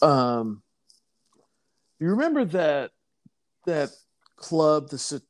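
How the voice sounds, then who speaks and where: Man, casual co-host, slightly high voice, rambling delivery, dry sound. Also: sing-song, slow, long pauses, dry recording. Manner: rambling, many fillers. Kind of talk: casual chat.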